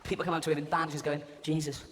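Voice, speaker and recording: A man's voice: on the high side, level tone, very fast, noisy background. A man doing a live stand-up routine, mocking and sardonic, laughing at his own jokes. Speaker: stand-up comedian. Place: large live venue. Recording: echoey hall with loud audience.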